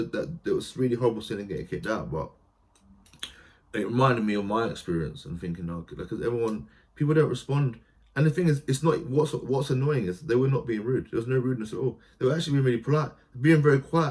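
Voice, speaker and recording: Animated man telling stories. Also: mid-range voice, fast talker. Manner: animated storytelling, acts out quoted voices, many restarts. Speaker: theatre practitioner guest. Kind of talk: conversational podcast interview.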